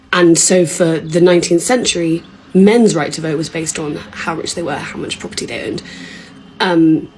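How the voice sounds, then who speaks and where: A young woman, chatting and telling stories to the camera in a lively way. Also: fairly low pitch. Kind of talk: casual storytelling to camera.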